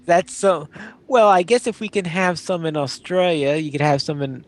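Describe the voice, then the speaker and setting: A man's voice: on the high side, normal speed. A man hosting a gaming podcast, steering segments with formal phrasing. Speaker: podcast host. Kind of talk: casual podcast chat.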